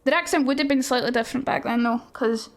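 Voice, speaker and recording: Chatty Scottish woman, high voice. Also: quick pace. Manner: chatty, rambling, answers chat messages. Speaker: streamer teaching Shakespeare to chat. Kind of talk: casual livestream lesson.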